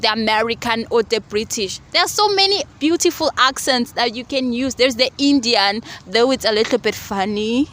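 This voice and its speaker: A woman's voice: a little high, fairly bright tone. A woman hosting a casual outdoor discussion who speaks in a playful, teasing and encouraging way. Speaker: host. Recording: outdoor street noise, passing vehicles.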